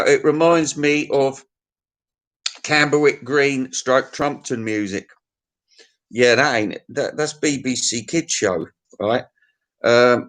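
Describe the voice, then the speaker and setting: A man giving a casual, unscripted album review, blunt and crude, swearing often and laughing at his own jokes. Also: mid-range voice.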